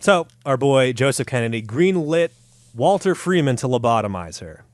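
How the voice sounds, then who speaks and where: A man's voice: mid-range voice, big pitch swings, moderate pace, dry recording. Man, comedy podcast host, profane and joking, dry close mic. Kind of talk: casual comedic podcast chat.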